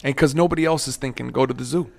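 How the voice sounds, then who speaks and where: A man talking as a guest on a casual show, reflective and halting, often restarting his sentences. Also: medium pitch, fairly even intonation, vocal fry, a little mellow. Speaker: musician guest. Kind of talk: casual conversation.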